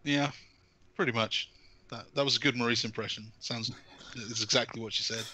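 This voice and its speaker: Bright-voiced, teasing male co-host. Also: mid-range voice, steady tone, moderate pace. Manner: dry, teasing, laughs along. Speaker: podcast co-host. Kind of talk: casual wrestling chat.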